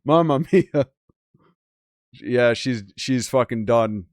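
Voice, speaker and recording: A man's voice: medium pitch, takes it slowly, no echo, clean studio sound. A man hosting a gaming channel, reading a game's story aloud with casual, crude commentary and disbelieving asides.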